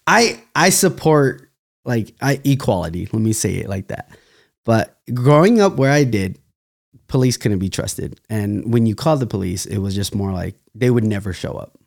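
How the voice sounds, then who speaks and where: Young guy from cali, lowish voice, rambly storytelling, lots of laughs. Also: lively intonation, normal speed, creaky. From California. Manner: loose, rambling, laughs often, restarts. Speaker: podcast guest, dancer. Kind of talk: casual storytelling interview.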